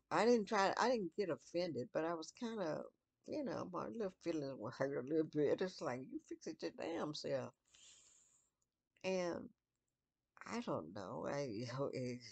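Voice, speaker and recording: Older woman, gravelly voice, lively pitch, slow relaxed musing vlog, dry close sound. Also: dry recording. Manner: slow, musing, talking to herself with restarts. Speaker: vlogger.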